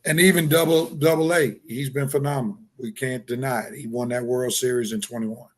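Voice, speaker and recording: Mid-pitched man, level-headed sports co-host, casual analytical chat. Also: fairly even intonation. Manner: measured and analytical, with fillers and restarts. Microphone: video call.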